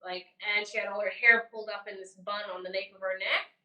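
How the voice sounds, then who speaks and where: A woman co-hosting a casual chat, telling a ghost story as an animated storyteller whose voice swings between loud and hushed. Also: medium pitch, fairly quick. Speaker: podcast co-host. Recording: roomy, distant mic.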